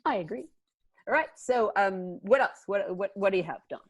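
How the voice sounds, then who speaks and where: A woman's voice: mid-range voice, animated, normal speed, breathy edge, no echo. A woman on a virtual film panel, speaking in a thoughtful, reflective way.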